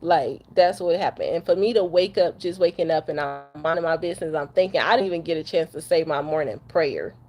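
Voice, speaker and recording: A woman's voice: deep voice, a little fast, hardly any pauses, darkish tone. A young woman from Detroit, a truck driver, venting bluntly to camera after crying, cussing and repeating herself. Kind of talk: emotional rant to camera.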